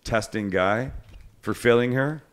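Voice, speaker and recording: A man's voice: medium pitch, measured pace, clean tone. A middle-aged man hosting a cooking show, telling stories in casual chat. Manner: chatty storyteller, self-deprecating.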